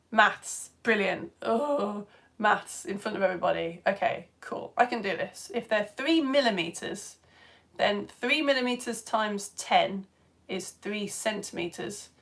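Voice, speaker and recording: A middle-aged woman from the United Kingdom, nursing a cough and cold, hosts a live children's science show from her sofa at home. Speaking at medium pitch, she chats casually and reads out viewer comments, giggling and sometimes dropping into soft asides.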